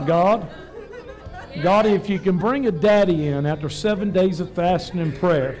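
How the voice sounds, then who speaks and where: A high-voiced man leads a church revival. He preaches fervently, then drops to gentle asides and prayer. Faint music plays in the sanctuary behind him. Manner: fervent, swings from loud preaching to soft personal asides. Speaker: pastor leading a revival service. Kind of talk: revival sermon and altar prayer.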